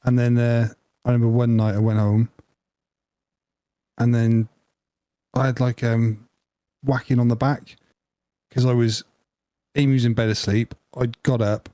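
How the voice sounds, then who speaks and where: A man co-hosting a podcast, telling a rambling anecdote in a relaxed, jokey way. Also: mid-range voice, measured pace, long pauses, smooth, no room sound. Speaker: podcast co-host. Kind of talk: casual chat.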